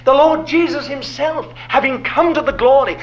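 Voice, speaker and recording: A man's voice: very high voice, moderate pace, muffled recording, faint music behind. A man preaching a sermon, asking rhetorical questions and dropping to a whisper for emphasis.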